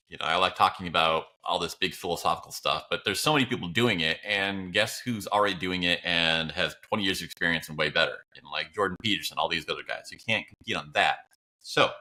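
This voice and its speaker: Deep-voiced man, bright and animated. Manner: animated, jumps up in pitch when acting out his own thoughts; swears casually and laughs at his own jokes. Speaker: podcast co-host. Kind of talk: casual podcast chat.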